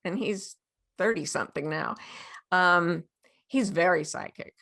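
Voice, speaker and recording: A woman's voice: fairly low pitch, measured pace, creaky. A woman in her sixties, a guest author, telling stories animatedly and laughing often. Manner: animated storyteller, acts out quotes, laughs often. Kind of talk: storytelling interview.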